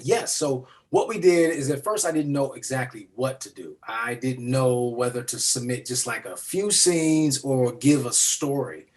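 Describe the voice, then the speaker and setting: A nominated actor, appearing as a guest on a video call from a room in his home, chats in a casual interview. His mid-range voice is unhurried yet nearly pause-free as he animatedly tells a story and acts out the quoted voices.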